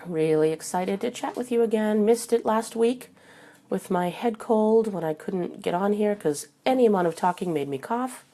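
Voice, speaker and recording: Her medium-pitched voice is mellow and expressive, moving at a moderate pace as she hosts a laid-back livestream from home. She's getting over a head cold but stays chatty, laughing a lot and welcoming viewers by name over a desk mic.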